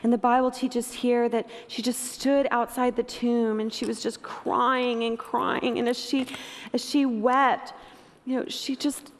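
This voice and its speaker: A woman's voice: a little high, level tone, measured pace. A middle-aged woman preaching a sermon, telling the story with emotion and laughing often. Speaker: speaker. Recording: long hall reverb.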